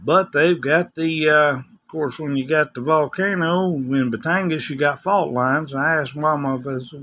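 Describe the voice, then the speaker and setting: A man's voice: on the high side, normal speed, few pauses, pushed and bright, slight background noise. An older man with a West Tennessee accent, chatting casually in a rambling, folksy vlog. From West Tennessee, USA. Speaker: vlogger. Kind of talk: casual chat.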